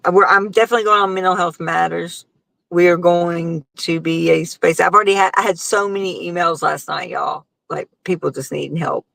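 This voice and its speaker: Chatty woman with gravelly tone. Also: fairly low pitch, fairly bright tone, dry recording, rough recording. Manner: rambling, chatty storytelling with many fillers. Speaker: host. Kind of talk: casual live chat with viewers.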